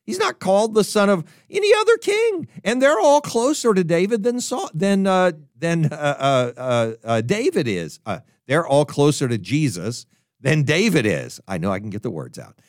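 A man preaching a sermon, emphatic and animated, often stumbling and restarting his words. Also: on the high side, normal speed, no echo, studio quality. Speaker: pastor.

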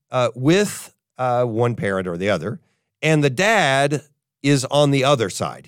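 An older man preaching a sermon, telling a personal story in an animated way and acting out what people say. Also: mid-range voice, no echo, clean studio sound. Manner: animated storyteller, acts out quotes. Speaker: pastor.

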